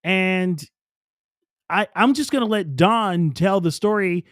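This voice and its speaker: A man's voice: high voice, takes it slowly, fairly bright tone, no room sound, studio quality. A man hosting a live radio show, talking in a loose, offhand, repetitive way. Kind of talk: casual live radio talk.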